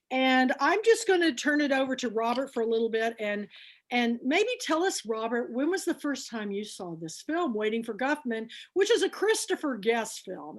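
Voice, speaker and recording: A woman hosting an online book and film club, telling long rambling stories in a casual, chatty way. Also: on the high side. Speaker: host.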